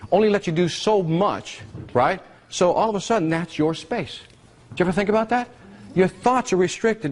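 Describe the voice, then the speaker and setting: An energetic man leads a live seminar, his voice swinging widely up and down as he fires questions at the room. It sits a little high for a man, and he rarely lets a point pass without checking the audience is with him. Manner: energetic, keeps quizzing the audience. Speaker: workshop presenter.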